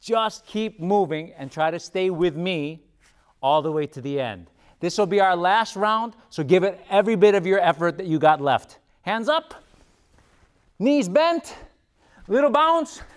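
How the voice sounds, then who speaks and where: High-voiced breathless taekwondo instructor. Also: male voice, normal speed, clean tone. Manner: encouraging, calls out commands and kiai shouts. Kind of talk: guided workout instruction.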